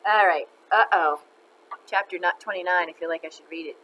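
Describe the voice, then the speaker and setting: A woman reading a children's book aloud in an expressive, animated way. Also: lowish voice, a little fast, dull audio. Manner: expressive, animated, laughs between lines. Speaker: storyteller.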